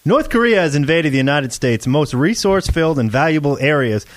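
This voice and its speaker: Exasperated high-voiced young man. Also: fairly quick, dry recording. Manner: exasperated, deadpan, curt. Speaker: podcast moderator. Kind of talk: comedy podcast banter.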